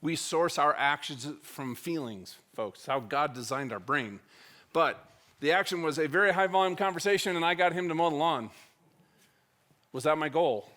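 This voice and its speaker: A middle-aged man with a fairly high voice speaks at a moderate pace in a church. He tells a personal story with animation, acting out its conversations and swinging widely between loud and soft.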